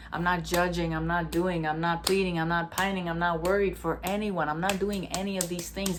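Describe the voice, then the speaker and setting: Against a noisy background, a woman in her twenties speaks fairly quickly with few pauses in a fairly low voice, delivering a casual spiritual monologue straight to camera. The vlogger is blunt, emphatic and sweary, acting out the people in her stories with animation.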